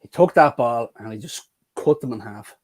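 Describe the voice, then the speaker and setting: A man chatting casually on a live fan show, reminiscing in a relaxed way. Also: medium pitch, moderate pace.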